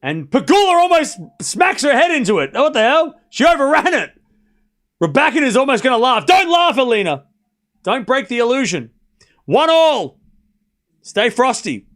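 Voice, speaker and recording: Male stream host, high lively voice, excitable play-by-play tennis commentary with banter. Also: moderate pace. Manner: chatty, excitable, jokes and speaks to viewers.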